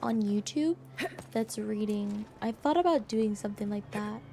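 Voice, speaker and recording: A young woman streamer chatting casually with her viewers in an animated, quick-reacting way. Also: mid-range voice, vocal fry, soft background music.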